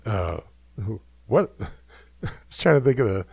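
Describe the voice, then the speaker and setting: A podcast host rambling through an anecdote, amused at himself and full of fillers. His voice is gravelly and lively, a little high for a man, recorded close and dry. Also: a little slow, no room sound, dull audio. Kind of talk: casual storytelling.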